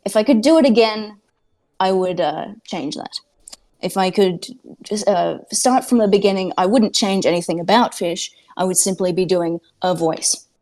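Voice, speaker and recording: A woman's voice: mid-range voice, a little mellow. A woman playing a tabletop game on a podcast, chatting casually from home in a rambling, self-mocking way with lots of fillers. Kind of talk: casual chat. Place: at home with cats nearby.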